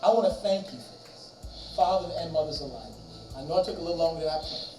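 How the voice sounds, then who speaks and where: Animated male chapel storyteller, roomy sound. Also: fairly high pitch, fast talker, faint music behind. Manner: animated storytelling, acts out quoted voices. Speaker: chapel speaker. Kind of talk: storytelling sermon. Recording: roomy echo from distance, faint ambience.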